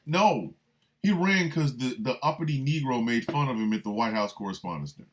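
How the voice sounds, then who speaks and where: A man hosting a livestreamed radio talk show, riffing in a loose comic way and shouting out listeners by city. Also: medium pitch, expressive, fairly quick. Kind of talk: livestreamed political comedy talk.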